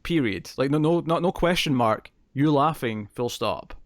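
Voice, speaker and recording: Podcast co-host, male, mid pitch, dry close sound, rambling and giggly. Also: lively intonation, normal speed, no room sound. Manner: rambling, laughs often. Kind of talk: casual chat.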